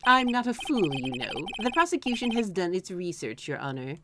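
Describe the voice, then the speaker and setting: A woman's voice: lowish voice, big pitch swings, fairly quick, noisy background. A woman voicing a smug male prosecutor as she reads game dialogue aloud.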